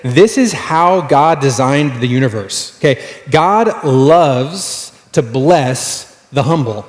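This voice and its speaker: Conversational male pastor in an echoey hall. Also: on the high side. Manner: conversational, animated storytelling with fillers. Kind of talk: sermon. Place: church sanctuary.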